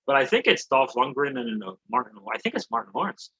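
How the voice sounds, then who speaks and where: A man's voice: mid-range voice, sing-song, fast, pushed and bright, husky, muffled recording. A man co-hosting a comedy podcast, recapping a movie in a rambling, joking way with some swearing. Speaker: podcast co-host. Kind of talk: casual comedy podcast chat.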